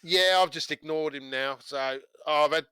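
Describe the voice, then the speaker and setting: A man chatting on a gaming podcast, telling stories in an animated way, swearing and laughing as he goes. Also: a little high, normal speed, clean tone, no echo. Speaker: podcast co-host. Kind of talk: casual chat, storytelling.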